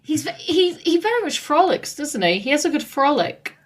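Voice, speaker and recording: A woman's voice: high voice, very animated, normal speed. A woman co-hosting a podcast, teasing and playful in casual chat. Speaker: podcast co-host.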